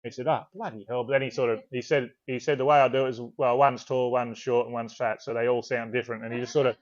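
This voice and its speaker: Aussie bloke yarning away on a muffled video call, laid-back, bit rambly, drops the odd swear. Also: male voice, mid-range voice, quick pace. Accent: Australian. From Australia. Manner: relaxed, rambling storyteller, swears casually. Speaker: author guest. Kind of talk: casual interview chat.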